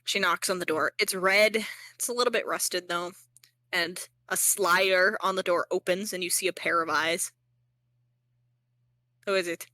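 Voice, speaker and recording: Bright, rambling young woman game master. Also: on the low side, steady tone, moderate pace, dry recording. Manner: casual, rambling, full of fillers and self-mocking. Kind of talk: narrating a tabletop game.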